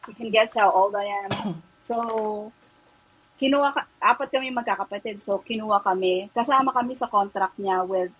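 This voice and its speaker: Husky woman with a British-Australian lilt. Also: mid-range voice, moderate pace, poor audio. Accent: mixed British and Australian English. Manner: chatty, animated storyteller who laughs often. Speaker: podcast guest. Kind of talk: casual chat, switching between English and Tagalog.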